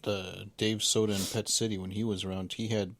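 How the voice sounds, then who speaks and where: Low-voiced rambling man in casual chat. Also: little pitch movement, no echo. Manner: rambling, halting, many fillers and restarts. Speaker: podcast co-host.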